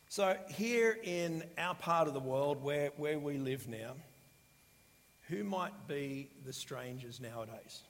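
Preacher man, conversational, in a reverberant hall. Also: mid-range voice. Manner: conversational, with many fillers and restarts. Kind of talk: sermon.

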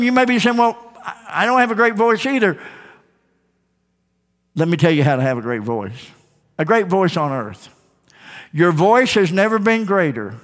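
A male pastor preaching a sermon in a church, emphatic and rising to shouts, calling for responses from the congregation. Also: high-pitched. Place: church sanctuary. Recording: long hall reverb.

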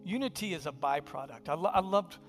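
A man preaching a sermon in a conversational, humorous storytelling way, sometimes dropping to a hushed, intimate delivery. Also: on the high side, fairly quick, faint music behind. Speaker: pastor.

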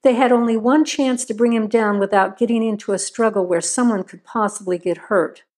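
A woman reading a crime story aloud in a steady, measured narration. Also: a little high.

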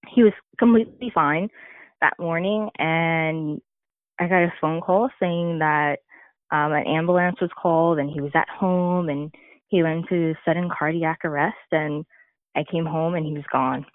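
A woman's voice: low-pitched, normal speed, dry recording. A woman speaking candidly and reflectively as a podcast guest, telling a personal story with occasional laughter. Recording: tinny phone-like line.

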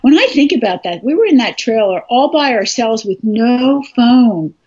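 A woman's voice: a little high, moderate pace, slightly rough. A woman co-hosting a casual live stream, telling stories from her past. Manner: reminiscing, relaxed storytelling. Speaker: co-host. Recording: slightly dull, muffled sound.

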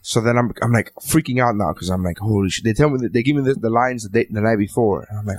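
A man with a Miami accent, hosting a podcast, telling a profane, animated story and acting out the dialogue. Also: on the low side, fast. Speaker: podcast host. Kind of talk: casual chat, storytelling.

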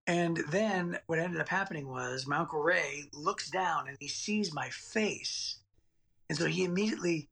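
His pitch is fairly high and his pace moderate, with vocal fry, a breathy edge and a bright, forceful tone. The speaker is a man in his late forties, a guest on a podcast interview who rambles and repeats words while telling a personal childhood story.

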